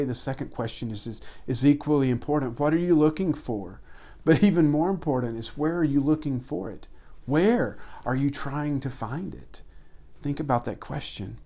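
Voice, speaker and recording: Preaching in a mid-range male voice, this pastor repeats himself earnestly and emphatically, lifting his voice to stress points and sinking to hushed tones.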